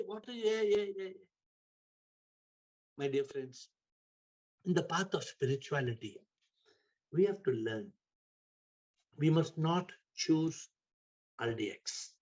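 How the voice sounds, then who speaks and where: A man giving a spiritual talk, telling stories with emphatic repetition and sudden shifts in loudness. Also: sits high, muffled recording. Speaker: spiritual teacher. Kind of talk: spiritual talk to an online audience.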